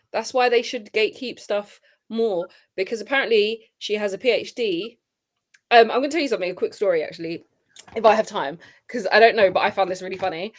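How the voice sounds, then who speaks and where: Animated woman. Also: mid-range voice, brisk. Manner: animated, swearing, goes off on tangents. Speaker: co-host. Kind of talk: casual banter.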